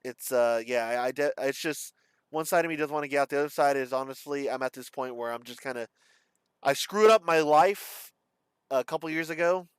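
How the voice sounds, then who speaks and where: Casting: young male streamer, slight lisp, rambling and halting delivery, smooth voice, dry close recording. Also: medium pitch, no echo. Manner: rambling, halting, self-described stutter. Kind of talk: casual vlog monologue.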